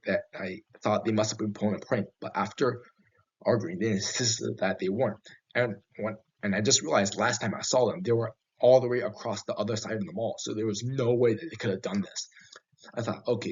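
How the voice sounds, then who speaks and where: A slightly low, husky-voiced man narrates horror experiences as his own, frequently stopping to restart his sentences and using fillers. The sound quality is flat and lo-fi.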